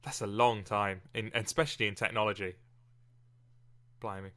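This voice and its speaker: A man co-hosting a casual, animated chat about poetry. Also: fairly low pitch, moderate pace.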